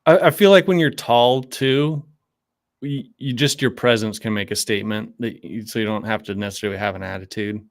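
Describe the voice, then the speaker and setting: A man's voice: lowish voice, a little fast. A man hosting a livestream, bantering playfully in casual chat. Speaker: livestream host.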